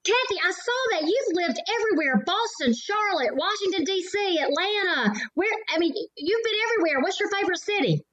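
High, bubbly woman co-host, far off. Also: lively intonation, brisk, hardly any pauses, a bit bright, muffled recording. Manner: upbeat, teasing, encouraging. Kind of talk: casual podcast chat.

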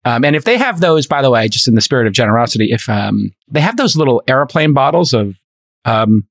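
A man in casual chat on a podcast tells a winding story. He stumbles, restarts, and slips into other people's voices as he goes. His voice sits at an ordinary middle pitch, recorded close and dry with no room sound. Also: sing-song, fairly quick, creaky, no echo. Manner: rambling anecdote full of fillers and restarts, voicing the people in the story. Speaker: podcast host.

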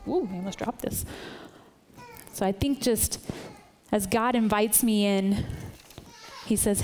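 A woman's voice: mid-range voice, slow pace, pauses often, a little mellow, in a large hall, slight background noise. Earnest woman giving a conversational sermon. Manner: earnest, informal, often checks in with "right?". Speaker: church speaker.

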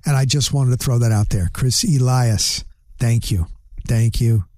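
A man's voice: mid-range voice, measured pace, darkish tone, dry recording, studio quality. A middle-aged man hosting his podcast, talking casually and bluntly in a rambling solo wrap-up with frequent restarts. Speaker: podcast host. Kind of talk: casual solo outro monologue.

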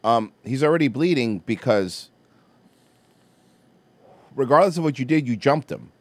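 Profane, animated man ranting on a podcast. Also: mid-range voice, a little slow, dry recording. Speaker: podcast host. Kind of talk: casual chat.

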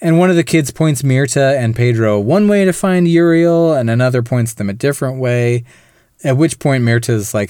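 A man with a smooth, clear voice at an ordinary pitch co-hosts a casual film podcast. He walks through the plot step by step and slips into the characters' lines as he goes. The sound is close and dry, with no room around it. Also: animated, moderate pace, dark tone, no echo. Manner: recaps the plot in detail, acts out characters' lines. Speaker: podcast co-host.

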